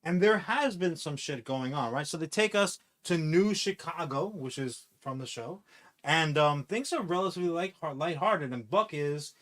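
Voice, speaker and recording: A man chatting casually on a podcast, rambling and swearing as he pitches a movie idea with acted-out quotes. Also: moderate pace. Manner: rambling, profane, animated storytelling with acted-out quotes. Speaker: podcast co-host. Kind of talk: casual comic-book podcast chat.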